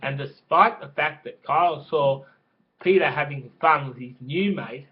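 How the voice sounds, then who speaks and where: A man's voice: on the high side, a little slow. A man telling a crude, rambling story in casual spoken style, with swearing and restarts. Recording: dull lo-fi recording.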